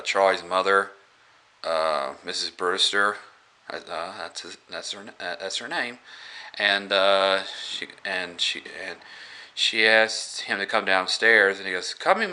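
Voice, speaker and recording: A man retells a horror film's plot in a casual, rambling way, full of fillers and restarts. His voice is low and deep, with a bright, forceful edge. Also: smooth. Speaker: movie reviewer. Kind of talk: casual film review.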